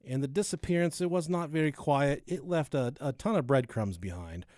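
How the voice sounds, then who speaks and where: Podcast co-host, male, slightly high voice, dry close sound, loose and profane storyteller. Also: animated, moderate pace, a little mellow, no echo. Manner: laid-back, swearing, laughing at his own joke. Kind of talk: casual podcast chat and true-crime storytelling.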